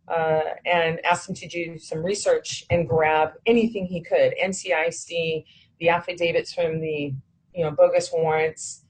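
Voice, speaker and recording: Husky low-voiced woman telling a story. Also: low-quality recording. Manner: animated, quotes others in dialogue, swears when heated. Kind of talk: recounting a personal story.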